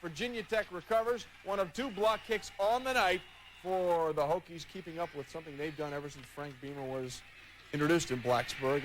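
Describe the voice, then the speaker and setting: A man's voice: fairly high pitch, steady tone, moderate pace, a little hiss or hum. Wry male sports anchor. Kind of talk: highlights narration.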